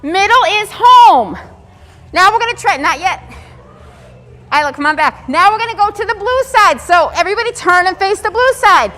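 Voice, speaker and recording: High, bright woman coaching kids' exercises. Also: lively intonation, normal speed. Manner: upbeat counting and coaching. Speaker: children's exercise leader. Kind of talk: leading a kids' exercise session. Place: event room with children. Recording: long hall reverb.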